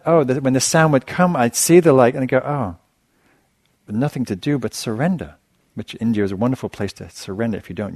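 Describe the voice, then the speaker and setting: A middle-aged man, a meditation teacher, giving a dharma talk in a relaxed storytelling manner with self-deprecating humor. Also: mid-range voice, no echo. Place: meditation center hall.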